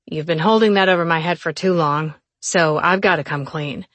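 A woman playing a steady police officer brother speaks plainly, with a slight grumble in his lower tone. The sound is close and dry. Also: moderate pace, dry recording. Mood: flat.

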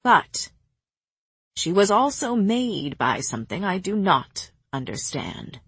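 An ancient, stern female healer, as a woman narrator puts her on, speaking in slow, measured, hushed words. The voice is breathy and close, with no room sound, and her calm firmness never hurries. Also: mid-range voice, no room sound, exaggerated voice. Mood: grave. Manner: slow, measured, quietly firm.

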